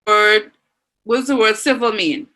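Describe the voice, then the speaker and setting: A woman teacher with a Bahamian accent, leading an online class and warmly reading out and praising students' answers. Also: medium pitch, fairly even intonation, a little slow, rough recording. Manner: encouraging, reads students' answers aloud with frequent praise.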